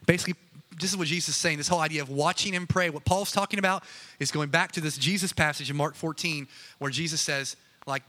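A man's voice: a little high, fast talker, bright, forceful tone. A man preaching a casual, conversational sermon, chatty and joking with many asides. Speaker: pastor.

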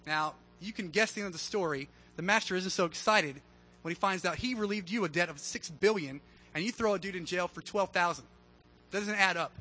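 A man delivers a sermon in a loose, conversational style, full of humor. His voice sits high and sounds bright. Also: brisk, poor audio. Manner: casual, conversational preaching with humor. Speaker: pastor.

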